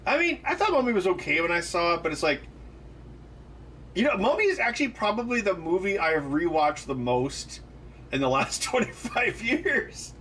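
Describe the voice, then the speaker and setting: A man's voice: sits high, sing-song, moderate pace, pushed and bright, a little hiss or hum. A man hosting a live stream, chatting casually with viewers in a rambling, loose way with lots of fillers. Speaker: livestream host. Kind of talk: casual chat answering live chat.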